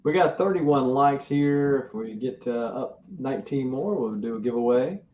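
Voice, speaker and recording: A man's voice: mid-range voice, lively intonation, normal speed. A man co-hosting a live stream, teasing and joking with the host. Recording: roomy, muffled remote audio with faint hiss.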